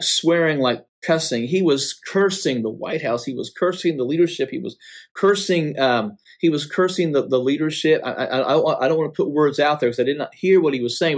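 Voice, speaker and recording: A man recounting a prophetic dream in a halting, dramatic way, repeating words and slowing for emphasis. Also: fairly high pitch. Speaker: dream narrator.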